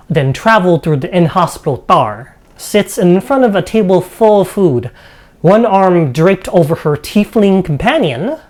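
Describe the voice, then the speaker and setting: A woman narrating a tabletop game as game master, reading scene descriptions with a steady pace and brief asides to players. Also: lowish voice.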